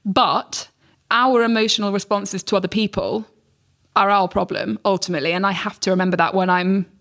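A young woman speaking as a podcast guest in a frank, animated casual chat, swearing freely and acting out messages she received. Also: mid-range voice, a little fast.

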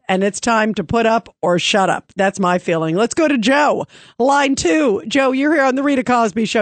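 A woman's voice: medium pitch, no room sound. A woman hosting call-in talk radio from a studio. She talks in an opinionated, chatty way, full of ums and asides. Her mid-range voice sits close and dry on the mic. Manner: chatty, opinionated, many fillers. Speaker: radio talk show host.

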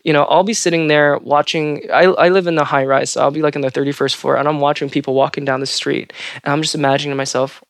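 A young adult trans woman, a Foley artist, telling stories in an animated, expressive way with frequent fillers in a casual podcast conversation. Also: low-pitched, fast talker, no echo, studio quality.

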